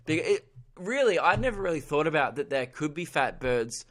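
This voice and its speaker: A man's voice: fairly high pitch, sing-song, normal speed, fairly bright tone. A man with an Australian accent hosting his own comedy podcast, rambling irreverently and laughing at his own jokes. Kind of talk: solo comedy podcast monologue.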